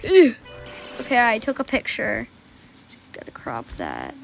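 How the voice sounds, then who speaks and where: Excitable high-voiced woman playing a game. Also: unhurried, creaky, faint music behind. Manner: excitable, playful, gasping and squealing. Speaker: gamer. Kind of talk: casual gameplay commentary.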